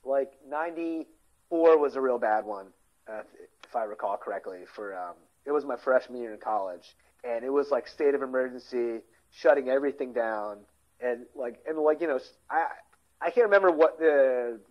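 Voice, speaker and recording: A man's voice: mid-range voice, normal speed. Man, forties, casual podcast co-host, rambly, lo-fi sound. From Philadelphia area. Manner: rambling, self-interrupting, trails off quietly. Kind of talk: casual chat.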